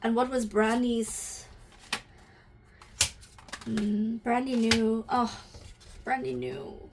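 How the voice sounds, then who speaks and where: A woman with a fairly high voice runs an intuitive energy reading for her viewers, thinking out loud and posing question after question. She talks to them directly and is quickly stirred to emotion. A faint hiss sits under her voice. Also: level tone. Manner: questioning, musing aloud, easily moved to emotion. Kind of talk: channelled reading to camera.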